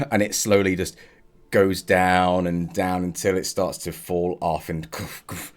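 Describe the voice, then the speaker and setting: Deep-voiced male game master. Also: little pitch movement, a little slow. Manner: casual, rambling, with fillers and chuckles. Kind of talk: narrating a tabletop game.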